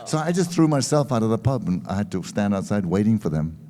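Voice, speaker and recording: An English man spins a story with a lively, swooping delivery. His voice is darker and mellow, a little low. He mocks himself as he goes, a guest on a panel. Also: fast. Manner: lively, self-mocking storyteller. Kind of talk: animated anecdote on a panel. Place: expo stage panel.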